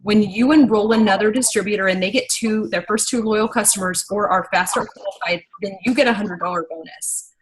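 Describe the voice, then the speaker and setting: A young adult woman leading a business team meeting in a casual, animated, rambling way, getting worked up and talking fast when excited. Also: mid-range voice, a little hiss or hum, low-quality recording. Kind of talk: casual motivational training talk.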